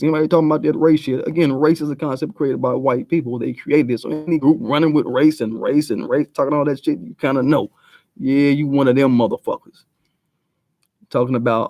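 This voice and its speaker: A man's voice: mid-range voice, fairly even intonation, moderate pace, dark tone, no room sound. A man giving a blunt, profane commentary rant full of street slang. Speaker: video commentator.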